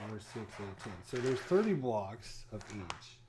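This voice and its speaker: A man's voice: on the low side, expressive, slow, hardly any pauses, warm tone, a little hiss or hum. A man unboxing a board game, casually thinking aloud to himself and counting pieces under his breath.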